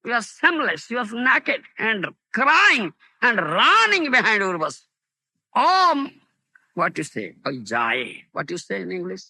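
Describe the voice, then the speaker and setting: A high, bright-toned man with an Indian accent delivers a slow scripture lecture, his voice leaping up and down. He repeats key words and keeps checking with the listeners whether they understand. The sound is dry and close. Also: wildly swooping pitch, vocal fry, husky, no echo. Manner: keeps asking "do you understand?". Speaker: spiritual teacher.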